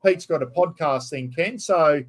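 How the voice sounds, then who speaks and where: Man, Australian accent, middle-aged, slightly high-pitched, blunt casual live-stream host, swears, says mate a lot. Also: measured pace. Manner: blunt and chatty, swears freely, calls people mate. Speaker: livestream host.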